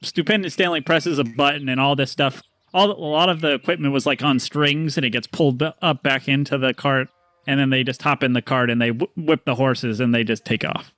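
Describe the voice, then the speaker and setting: Bright-voiced man running a tabletop game. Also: medium pitch, fairly even intonation, no room sound. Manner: quick, halting narration with restarts. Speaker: game master.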